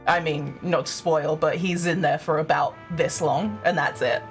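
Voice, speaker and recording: A woman's voice: deep voice, animated, takes it slowly, over music. Giggly young woman streaming a game. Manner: giggly, chatty, self-deprecating. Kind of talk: casual live-stream chat.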